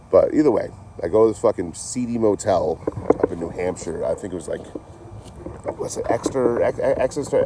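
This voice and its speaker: A man with a deep, low voice talks casually to his live chat, wandering through an anecdote with constant swearing and easygoing asides. His delivery is loose and unhurried, with a faint hum of noise behind him. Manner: rambling, heavy swearing, laid-back. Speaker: livestreamer telling stories.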